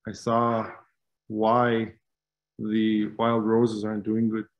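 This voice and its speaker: A man voicing a small male hummingbird who earnestly reports what he saw, in a halting way. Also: lowish voice, completely flat delivery, lo-fi sound.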